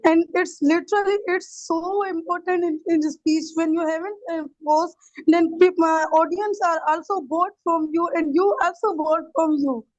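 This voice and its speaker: A woman in a workshop speaks hesitantly, filling pauses with "uh". Her voice sits very high, and the dry, dull audio sounds like a video call. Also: steady tone, darkish tone, dry recording. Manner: hesitant, with many fillers. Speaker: workshop participant. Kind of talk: speaking in an online session.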